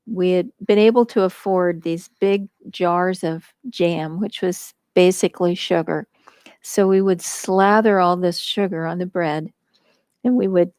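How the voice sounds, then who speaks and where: An American woman tells a personal story at an easy, unhurried pace, reflective and gently amused. Her voice sits mid-range, and the sound is close and dry, with no room around it. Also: mid-range voice, dry recording. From United States. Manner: slow and reflective, with light laughter. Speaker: storyteller at a kirtan gathering.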